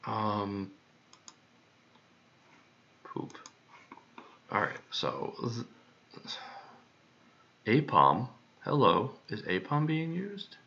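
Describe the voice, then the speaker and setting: A man's voice: fairly low pitch, huge pitch swings, extremely slow, creaky, long pauses, sharp tone, a little hiss or hum. A man thinking aloud while he works, muttering to himself and repeating words over and over. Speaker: creator working on a song. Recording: dull lo-fi recording.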